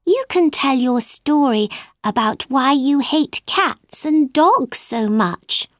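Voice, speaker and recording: A bright, sweet-voiced little girl from a storybook, polite and eager to help, as a woman reader puts her on. Her voice sits high and swoops up and down, every word spoken very slowly and clearly. It sounds close and dry, with no room around it. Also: lively intonation, no room sound, faint music behind. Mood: earnest. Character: polite curious young girl Alice.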